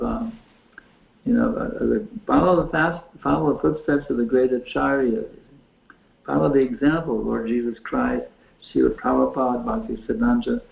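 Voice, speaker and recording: A man's voice: medium pitch, creaky. A man, a spiritual teacher, answering questions from a chat window in a folksy, repetitive way that often restarts phrases. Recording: tinny phone-like line in an echoey room.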